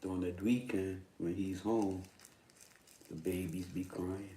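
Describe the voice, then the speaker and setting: A man hosting a livestream, telling a profane story in a casual, animated way, with bursts of loud emphasis. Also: deep voice, measured pace. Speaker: livestream host. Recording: roomy echo, distant mic, faint noise.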